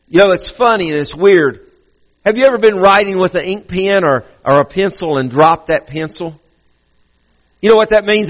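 A pastor delivering a sermon with a notably high-pitched male voice. He talks in a conversational way, often breaking off and restarting his phrases or repeating them for emphasis. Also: low-quality recording.

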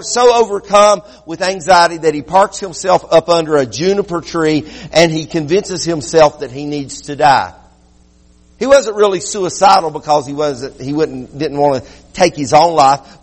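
High-voiced preacher in a reverberant hall. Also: male voice. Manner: preaching with swings from loud and quick to low and slow. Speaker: pastor. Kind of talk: sermon.

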